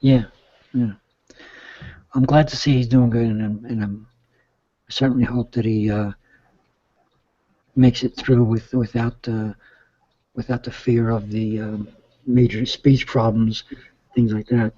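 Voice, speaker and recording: Casting note: middle-aged male guest, rambling and mellow, dry lo-fi audio. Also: mid-range voice, level tone, unhurried, pauses often, no echo. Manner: rambling, with many restarts. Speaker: guest caller. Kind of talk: casual chat. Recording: dull, dry lo-fi sound.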